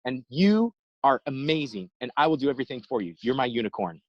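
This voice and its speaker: A man giving an inspirational talk over a video call, telling a story in an animated way and acting out the quotes. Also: mid-range voice, brisk, no echo, muffled recording. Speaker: inspirational speaker.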